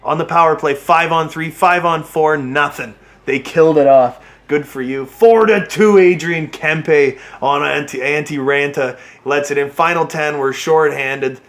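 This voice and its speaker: A man giving excitable play-by-play commentary on a hockey video game he is playing, cheering and groaning at his team. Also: on the high side, measured pace, few pauses. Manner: excitable play-by-play, yelling at the players. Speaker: gaming channel host.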